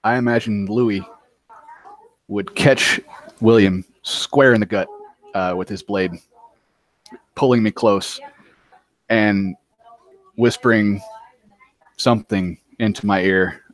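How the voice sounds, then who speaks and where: A man describing his character's moves in a tabletop role-playing game, pausing often with hesitant fillers. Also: on the low side, fairly even intonation, no room sound. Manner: halting, many ums. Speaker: player.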